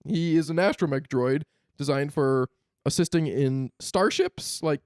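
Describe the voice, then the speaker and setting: Guy cohosting a podcast, kinda high voice, super dry mic, laughs a bunch. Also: measured pace, darkish tone, clear, resonant tone, no room sound. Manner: laughs often, blunt opinions. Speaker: podcast co-host. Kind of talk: casual chat.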